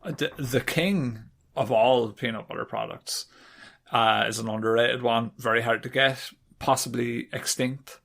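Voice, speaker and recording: A man with a gravelly, mid-pitched voice co-hosts a casual podcast. He tells a story between jokey asides and laughs often. His voice has a rough fry to it. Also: fairly even intonation, a little slow, fairly bright tone. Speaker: podcast co-host.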